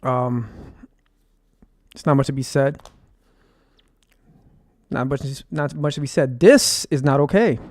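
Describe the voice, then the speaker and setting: A man's voice: medium pitch, slow pace, long pauses, a little mellow, no room sound, studio quality. A man, a streamer, talking in a rambling, agitated monologue, cursing often and repeating himself with lots of fillers. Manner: rambling, profane, with frequent fillers and repeated phrases.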